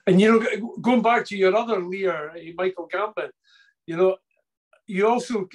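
A man with a notably high voice hosts an online conversation. He free-associates eagerly, laughs easily, and strings together thoughts about acting. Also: moderate pace. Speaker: interviewer, co-artistic director. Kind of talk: conversational interview. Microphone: online video call.

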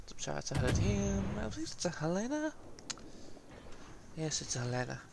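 A man giving casual, excitable gameplay commentary, laughing often and swearing cheekily. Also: on the high side, moderate pace, gravelly, very noisy.

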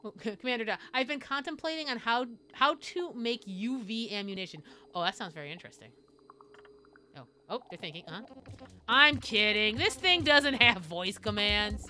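A woman streaming a game live, reading its dialogue aloud and reacting in an animated, jokey way, squealing and whispering when scared. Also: fairly high pitch, moderate pace, faint music behind.

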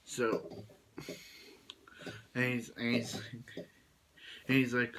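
Bright-voiced man rambling through a plot. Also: medium pitch, slow pace, long pauses, slight background noise, rough recording. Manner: rambling, with frequent restarts and quoted lines. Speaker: movie reviewer. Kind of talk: casual plot retelling.

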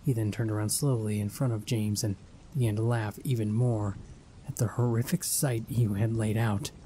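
A man reading a first-person horror story aloud in a measured, ominous storytelling manner. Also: on the low side, dark tone, slight background noise. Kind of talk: scripted horror narration.

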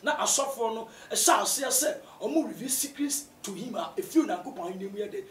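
A man with a Ghanaian accent, a pastor answering interview questions in a preaching style, often rising to shouts for emphasis. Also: high voice, brisk, slight background noise. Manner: animated, bursts into shouts to stress points. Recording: roomy echo, distant from mic.

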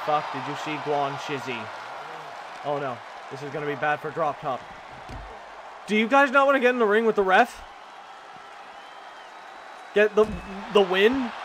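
Brief: young man, high voice, wild and cursing play-by-play over a roaring game crowd. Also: normal speed, long pauses. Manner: profane, hyped, shouts at big moves. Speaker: gaming commentator. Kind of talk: excited play-by-play commentary. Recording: loud game crowd noise behind. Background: video game crowd and noise.

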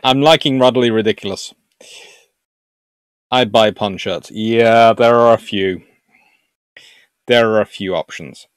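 A man hosting a naval history livestream, chatting with viewers in an animated, jokey way. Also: fairly low pitch, unhurried, long pauses, smooth, dry recording. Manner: animated and jokey, puts on silly voices for nations. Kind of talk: live stream talk answering chat.

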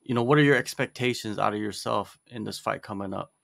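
A man with a low, gravelly voice and a bright, forceful edge, interviewing a fighter. He asks his questions in a laid-back, casual way with plenty of fillers. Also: quick pace.

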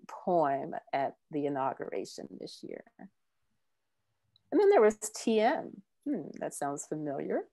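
A woman professor giving a presentation to a club meeting, halting and full of fillers. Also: fairly low pitch, darkish tone. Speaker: guest speaker, university professor.

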